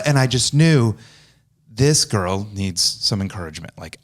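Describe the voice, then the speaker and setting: A man's voice: lowish voice, lively intonation, a little slow. A man hosting a casual podcast chat from an office room, telling stories and acting out the dialogue in them. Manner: storytelling, acts out quoted dialogue. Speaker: podcast host.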